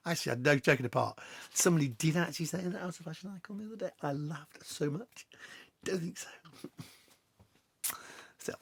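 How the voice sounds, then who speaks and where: A man's voice: medium pitch, gravelly, sharp tone, no echo, clean studio sound. A middle-aged man chatting casually as he answers viewer questions, telling anecdotes with self-deprecating humor. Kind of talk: casual Q&A chat.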